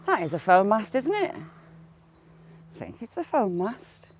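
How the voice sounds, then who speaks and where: An English woman with a mixed regional accent chats on a cold countryside walk. She hosts a relaxed livestream and greets viewers by name between remarks. Her voice sits at an ordinary middle pitch for a woman, recorded on a handheld phone. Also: measured pace, a little hiss or hum. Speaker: livestream host. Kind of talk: casual walk-and-talk livestream.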